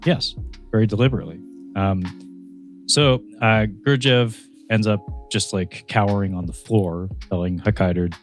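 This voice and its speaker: A man's voice: on the low side, moderate pace, faint music behind. Laughing man rambling through a film recap. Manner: laughs often, rambling with many restarts and fillers. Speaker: podcast co-host reviewing a film. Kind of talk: casual film review chat.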